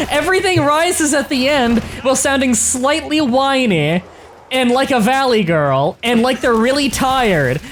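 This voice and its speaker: A woman's voice: high-pitched, a little hiss or hum. A woman from Canada chatting casually on a gaming stream voice call, blunt and joking, swearing freely.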